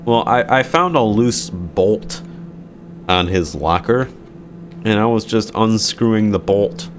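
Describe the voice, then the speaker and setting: A man's voice: on the low side, lively intonation, slow pace, slight background noise. A young man casually telling a story from his school days, sarcastic, swearing freely and laughing often.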